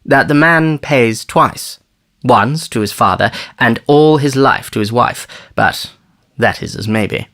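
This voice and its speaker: A man voicing a stern colonial commissioner who speaks calmly and curtly, with dry humour. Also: mid-range voice, a little slow. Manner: calm, curt, dryly humorous.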